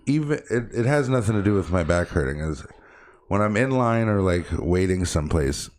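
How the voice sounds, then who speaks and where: A man co-hosting a podcast in casual chat, talking bluntly, swearing often and getting animated as he tells stories. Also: deep voice, moderate pace. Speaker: podcast co-host.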